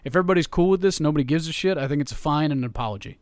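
A man talking sports in a loose, profane, joking way, his voice sitting a little high for a man. The sound is dry and close, with no room around it. He gets animated as he goes. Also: very fast, dry recording. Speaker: sports podcast co-host. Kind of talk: casual sports chat.

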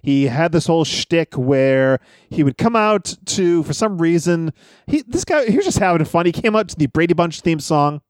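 A man's voice: on the high side, animated, normal speed, dry recording, clean studio sound. A man chatting casually on a wrestling podcast, rambling through old stories and laughing often.

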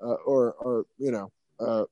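Man, middle-aged, hairstylist guest, rambling, animated, lots of restarts, dry close-mic sound. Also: medium pitch, measured pace, no room sound. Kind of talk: casual interview storytelling.

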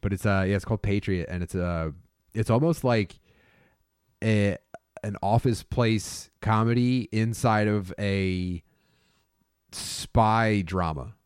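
A man's voice: fairly low pitch, slow, darkish tone, clear, resonant tone, dry recording, studio quality. A man co-hosting a podcast in casual chat, joking and rambling with plenty of swearing. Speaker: podcast co-host.

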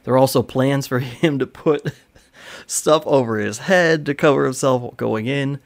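A man's voice: medium pitch, unhurried, creaky. A man hosting a podcast, telling a backstage story in a loose, rambling way, swearing casually and laughing now and then. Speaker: podcast host, wrestling promoter.

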